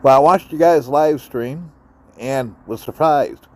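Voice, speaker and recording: A man's voice: mid-range voice, slow pace, very noisy. A man leaving a recorded voice message for a radio show, telling a story in a laid-back way.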